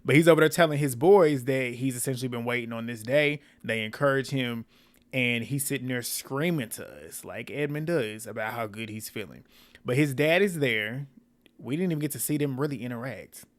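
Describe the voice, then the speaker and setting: Blunt, animated male reality-TV recapper. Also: medium pitch, brisk. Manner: blunt, animated, swears and laughs often. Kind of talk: casual commentary recap.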